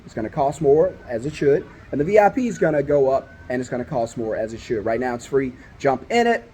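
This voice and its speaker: A man's voice: mid-range voice, very animated, a little fast, dark tone, a little hiss or hum. A man giving direct-to-camera business advice as a company owner, emphatic and coaching, repeating his points and checking in with "right?". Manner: emphatic, repeats key phrases and asks "right?" often.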